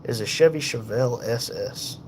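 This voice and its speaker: A man in pain and tired, hosting a casual livestream from a hospital room on a phone, reading viewer comments aloud in an unhurried, folksy way. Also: medium pitch, a little hiss or hum. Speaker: livestream host reading chat. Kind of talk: casual live chat.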